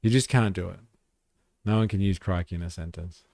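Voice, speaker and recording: A man's voice: low voice, a little fast, gravelly, darkish tone, no echo, studio quality. A young Australian man hosting a livestream, chatting casually in a laid-back, profane way and laughing often. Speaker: livestream host.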